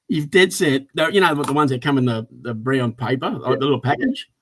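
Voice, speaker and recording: A man with an Australian accent co-hosting a casual chat, telling stories in a blokey, animated way. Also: mid-range voice, moderate pace. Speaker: co-host.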